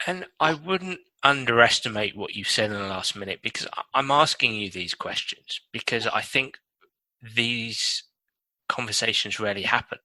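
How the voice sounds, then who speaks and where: A man's voice: medium pitch, animated, moderate pace, sharp tone, no echo, rough recording. A man with an English accent hosting a podcast interview, asking reflective, probing questions. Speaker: podcast host.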